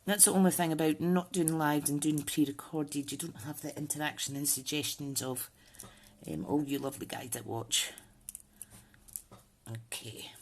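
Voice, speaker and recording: A woman's voice: sits low, fairly even intonation, normal speed, a little hiss or hum. A woman hosting a casual crafting tutorial, chatting and thinking aloud with frequent ums. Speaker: papercraft channel host.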